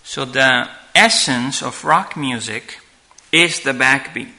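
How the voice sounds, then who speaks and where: Guy teaching a church music class off slides, really bright voice, slow and halting. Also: mid-range voice, rough recording. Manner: halting, restarts and fillers, asks "okay?" often. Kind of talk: slide-based lecture.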